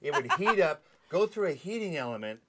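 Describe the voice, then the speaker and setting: A man recalls his days on a film set in a fairly high voice that swings up and down constantly. He tells his anecdotes with a lively storyteller's flair and acts out the noises and the people as he goes. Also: brisk. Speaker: actor recalling a film shoot. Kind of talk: animated anecdote telling.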